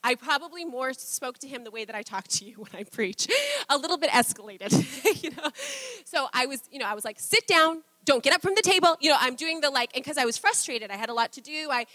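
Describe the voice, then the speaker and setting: Woman preacher, high and bright, close dry sound, casual sermon with frequent laughs. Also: animated, brisk, no room sound. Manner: chatty, laughs often, acts out quotes. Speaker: pastor. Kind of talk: conversational sermon.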